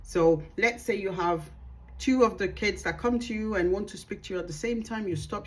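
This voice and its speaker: A woman working as a parenting consultant, giving calm, earnest advice to the camera and acting out bits of dialogue as she goes. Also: lowish voice, moderate pace.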